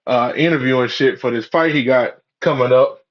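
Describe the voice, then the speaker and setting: A man's voice: mid-range voice, moderate pace. A man in a rambling, profane, preachy monologue, full of "you know" and "man" fillers. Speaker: religious commentator. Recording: dull lo-fi audio.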